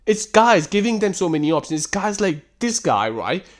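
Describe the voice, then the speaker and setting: Questioning and scolding, a man hosts a reaction commentary on text screenshots at a moderate pace, swearing often and dripping with exasperated sarcasm. His voice sits fairly high and swings up and down in lively leaps.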